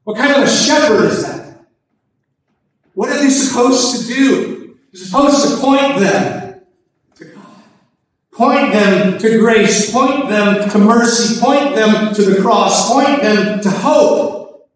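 A man's voice: high-pitched, takes it slowly, long pauses, a little hiss or hum. A man preaching a sermon at a church service, emphatic and repeating his key phrases, in an echoey, distant recording. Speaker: pastor.

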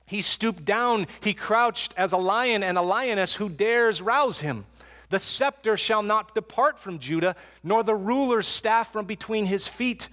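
Male preacher, high voice, earnest expository sermon, long hall reverb, stumbles and repeats words. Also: fairly bright tone.

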